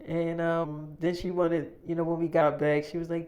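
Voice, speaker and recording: A man's voice: a little high, level tone, normal speed, few pauses, darkish tone. A man telling a freestyle spoken story in a loose, rambling way, full of fillers and restarts.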